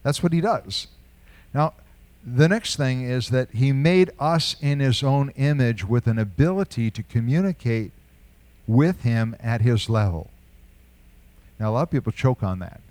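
A man's voice: mid-range voice, expressive, measured pace, a little mellow, no room sound. An older man preaching a sermon in a conversational way, asking rhetorical questions and chuckling now and then. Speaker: pastor.

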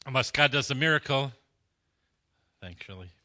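A man's voice: medium pitch, expressive, moderate pace, pushed and bright. A man preaching, telling a story and acting out the dialogue, with a dry throat. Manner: storytelling, acts out dialogue with voice swings. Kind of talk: sermon testimony.

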